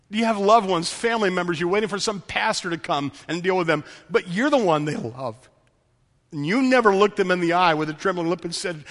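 A man preaching a sermon as pastor, passionate, swinging between loud pleading and quiet storytelling, in a church sanctuary. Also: high voice, moderate pace, long reverb tail.

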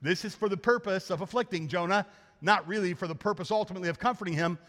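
A pastor voicing God, patient and all-knowing. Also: male voice, sits high, quick pace, fairly bright tone. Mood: musing. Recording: long church reverb.

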